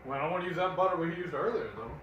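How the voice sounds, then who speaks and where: A man's voice: fairly high pitch, very fast, lo-fi sound. A man co-hosting a casual cooking live stream, trading dry, teasing banter with his partner. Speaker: cooking channel co-host. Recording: very echoey room with background noise.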